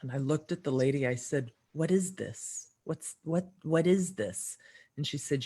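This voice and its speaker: Middle-aged woman telling a lively personal story. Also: normal speed, breathy edge. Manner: lively, acts out quoted dialogue with shifts in pitch and loudness; laughs often while telling her story. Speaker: podcast guest. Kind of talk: personal storytelling in a podcast conversation.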